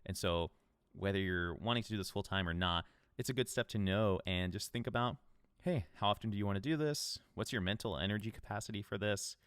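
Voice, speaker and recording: A man's voice: lowish voice, a little fast, a bit bright, smooth, no room sound, clean studio sound. A man hosting a solo podcast, giving casual, upbeat advice in a conversational way. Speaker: podcast host.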